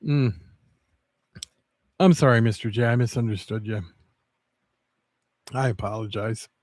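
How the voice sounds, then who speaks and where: A man livestreaming, chatting casually with viewers in a rambling, halting way with many restarts. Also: medium pitch, darkish tone, no echo.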